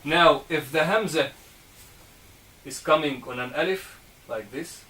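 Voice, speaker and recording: Male teacher, slow and patient, heard from a distance over faint background hum. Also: fairly high pitch, sharp tone. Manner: slow and patient, checking understanding with "okay?" and "right?". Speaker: Arabic teacher. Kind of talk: classroom lesson on Arabic letters. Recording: distant mic, faint room noise.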